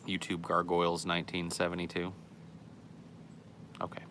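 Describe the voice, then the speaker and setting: A man's voice: low-pitched, monotone, moderate pace, noisy background. A man hosting a podcast, reading out listener comments in casual chat with a sarcastic, profane, offhand manner.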